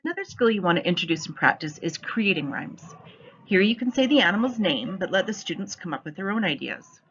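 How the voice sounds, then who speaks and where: A woman teacher giving an instructional voice-over with a clear, expressive delivery. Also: medium pitch, a little fast, slight background noise. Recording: slightly muffled recording.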